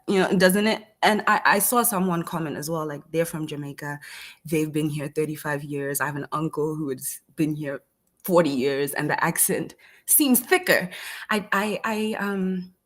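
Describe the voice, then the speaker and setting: Brief: female caller, lower pitch, soft chatty delivery. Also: normal speed. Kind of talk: casual call-in comment.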